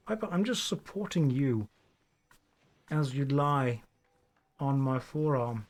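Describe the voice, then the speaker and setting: A man's voice: mid-range voice, animated, slow pace, pauses often. Young man, live streamer, rambling casual chat, playful, cooing at dogs. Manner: rambling, playful, baby-talks to his dogs.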